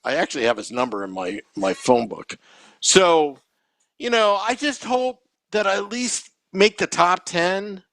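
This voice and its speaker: Podcast guy joking about himself, pitch bouncing all over, kinda high. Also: unhurried, no room sound, studio quality. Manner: animated, self-mocking. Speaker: podcast co-host. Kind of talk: casual podcast chat.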